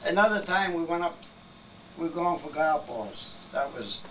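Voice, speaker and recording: An elderly man in his eighties spins rambling, salty old stories and keeps chuckling as he goes. His voice sits a touch high. He is caught from across the room on a home video, with clear noise behind him. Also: animated, moderate pace, fairly bright tone. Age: 80s. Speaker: grandfather telling old stories. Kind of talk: casual storytelling. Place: family birthday gathering at home. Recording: distant home-video recording with background noise.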